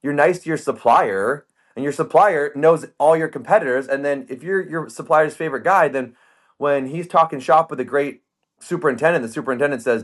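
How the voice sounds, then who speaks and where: A man hosting a podcast in casual chat, telling stories in an animated way and acting out the voices of the people he quotes. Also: a little high, brisk. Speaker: podcast host. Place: podcast studio.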